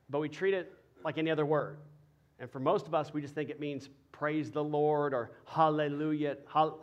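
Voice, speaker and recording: A male pastor preaching a sermon, building from quiet explanation to loud, passionate emphasis. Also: fairly high pitch. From Texas.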